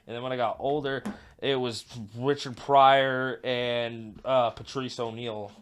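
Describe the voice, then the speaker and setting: A man's voice: mid-range voice, flat delivery, unhurried. A young man and guest comedian telling loose, profane stories in casual podcast chat, laughing often.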